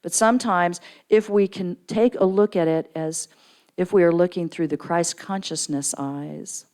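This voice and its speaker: A middle-aged woman giving a storytelling sermon in church, jumping into lively character voices for quoted people. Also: unhurried. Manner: animated storyteller, acts out quoted voices with big pitch jumps. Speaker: guest speaker at church. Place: church sanctuary.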